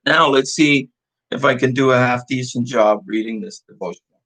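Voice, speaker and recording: A man's voice: mid-range voice, fairly bright tone, rough recording. A man leading a church devotional, speaking with heartfelt hesitation and reading scripture aloud while recovering from illness. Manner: slow, heartfelt, with hesitant restarts.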